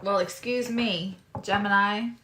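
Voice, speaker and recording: A woman's voice: medium pitch, fairly even intonation, measured pace, very noisy. A woman reading tarot cards on a live stream, chatting with viewers in a loose, digressive way. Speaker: tarot reader and astrologer.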